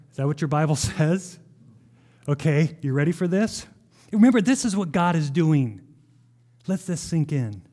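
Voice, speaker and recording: A male pastor with a fairly high voice delivers a lively sermon. He reads scripture with deliberate emphasis and keeps questioning his listeners. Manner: animated, asks the congregation rhetorical questions.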